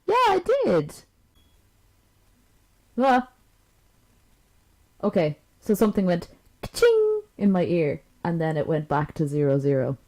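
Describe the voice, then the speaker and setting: A woman's voice: deep voice, expressive, measured pace, long pauses, dark tone, poor audio. A woman chatting on a livestream in a rambling, profane, self-mocking way, frustrated with her gear and talking into a new desk microphone. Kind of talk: rambling casual stream chat. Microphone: new desk microphone with knobs.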